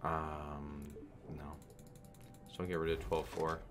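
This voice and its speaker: A man's voice: a bass voice, little pitch movement, slow pace, noisy background. A man streaming online slots, giving casual, profane play-by-play and thinking aloud in a frustrated way.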